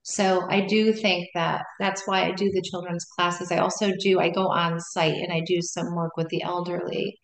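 A woman's voice: fairly low pitch, level tone, moderate pace, hardly any pauses. A middle-aged woman, a meditation and yoga teacher, chatting casually as a guest in loose, trailing sentences full of restarts. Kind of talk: casual interview chat. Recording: roomy echo.

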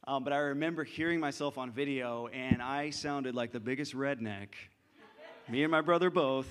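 A man's voice: medium pitch, moderate pace, fairly bright tone. A young man preaching a sermon as pastor, earnest and conversational, often restarting his sentences.

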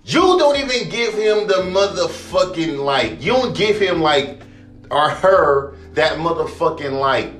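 Lively, heated man ranting. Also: a little high, a little slow, reverberant, faint music behind. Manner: heated and profane, repeats himself. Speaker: podcast host. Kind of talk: ranting monologue.

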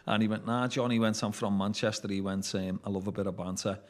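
A man's voice: on the low side, steady tone, fast talker. A man with a Scouse accent telling stories casually in an interview, swearing freely and acting out what people said. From Merseyside, England. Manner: swears freely, acts out quoted dialogue. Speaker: interview guest, former prisoner. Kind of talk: casual storytelling.

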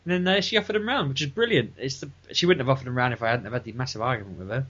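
A man co-hosting a podcast, telling stories in a casual, animated way and swearing freely. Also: mid-range voice, rapid-fire. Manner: animated, swearing, laughing through his stories. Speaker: podcast co-host. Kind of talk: casual storytelling chat. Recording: dull lo-fi podcast recording.

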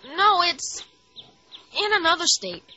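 A woman voicing a spirited, wisecracking young boy in a radio drama, quick to protest. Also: very high voice, sing-song, bright, forceful tone, slight background noise, heavily acted. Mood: flustered. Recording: dull lo-fi audio with music.

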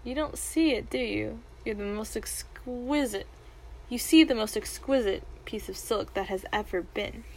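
A woman voicing a sly, smooth-talking old male merchant who flatters like a showman in a storybook reading. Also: a little high, unhurried, slight background noise, poor audio.

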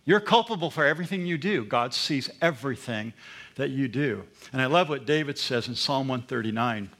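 A man's voice: mid-range voice, animated, a little fast, fairly bright tone. A middle-aged man, a pastor, preaching a sermon in an earnest, emphatic way that often rises into bursts.

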